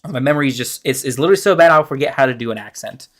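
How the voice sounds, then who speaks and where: A man streaming as a dungeon master, thinking aloud while planning a game, halting and trailing off into mumbles. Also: medium pitch, animated, a bit bright.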